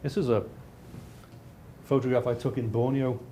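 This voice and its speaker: A man's voice: mid-range voice, flat delivery, normal speed, dark tone, a little hiss or hum. A male researcher giving a slide lecture, with frequent restarts and dry, self-mocking asides.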